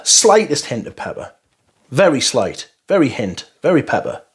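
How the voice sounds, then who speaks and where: A man's voice: medium pitch, big pitch swings, moderate pace, breathy edge. A man giving casual, rambling first impressions of fragrances, blunt and full of swearing. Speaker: fragrance reviewer.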